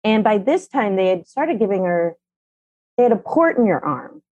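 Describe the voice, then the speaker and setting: A middle-aged woman, a mother and parenting columnist, telling a family story candidly with animated, blunt speech and casual swearing. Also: mid-range voice, normal speed, no room sound. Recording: dull, dry sound.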